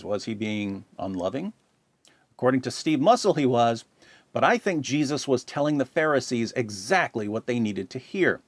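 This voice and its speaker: Middle-aged male host, sarcastic and combative, lively pitch, dry close sound. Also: no echo. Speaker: channel host. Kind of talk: commentary reading viewer comments.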